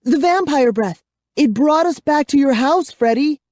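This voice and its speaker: A man voicing an excited young girl who exclaims in a high voice. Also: unhurried, dry recording, studio quality.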